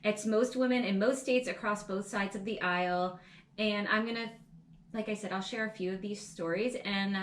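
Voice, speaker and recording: A woman's voice: medium pitch, fairly even intonation, normal speed, roomy sound. A woman co-hosting a podcast, laying out a topic in a loose, rambling way with plenty of fillers. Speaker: podcast co-host. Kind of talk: casual chat.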